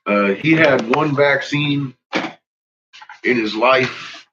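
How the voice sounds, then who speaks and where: A man's voice: medium pitch, drawn-out words, background noise. A man ranting casually into his vlog, swearing heavily and laughing often. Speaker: vlogger. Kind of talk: casual profane rant. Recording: dull lo-fi recording.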